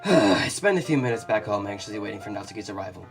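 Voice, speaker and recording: A woman putting on a low, deadpan male game hero. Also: fast, faint music behind. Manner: low, quiet, deadpan reading. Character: male visual-novel protagonist, flat and self-absorbed.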